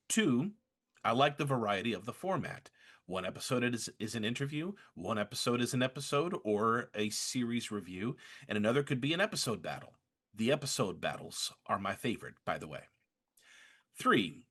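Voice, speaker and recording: Lively male podcast host reading fan mail. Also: mid-range voice. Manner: lively, halting with restarts and fillers.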